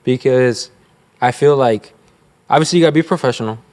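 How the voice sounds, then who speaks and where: A man's voice: medium pitch, fairly quick, a little mellow. A man, a loan officer, hosting a casual interview in an easygoing, conversational way.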